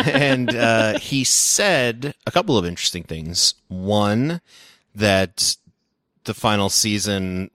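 A man with a lowish voice co-hosts a podcast and runs through the news segment with quick jokes. The recording sounds dry and close. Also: sing-song, sharp tone, no echo. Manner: quick, joking news rundown. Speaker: podcast co-host. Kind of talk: casual podcast chat.

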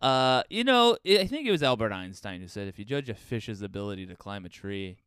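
A man's voice: lowish voice, fairly quick, clean tone, no echo. A man in his thirties co-hosting a podcast, telling stories in casual chat and laughing often. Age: 30s. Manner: animated storytelling, laughs often, bursts of sung drum beats. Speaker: podcast co-host.

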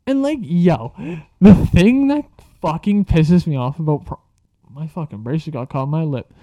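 A man's voice: on the high side, animated, quick pace, no echo, highs cut off. A young man telling a casual story, rambling and swearing freely, with lots of filler words. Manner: rambling, profane, filler-heavy.

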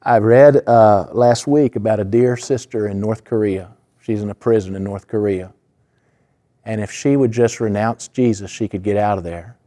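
A man's voice: on the low side, moderate pace, warm tone. A man preaching a sermon in an earnest, conversational way, full of asides and fillers. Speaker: pastor.

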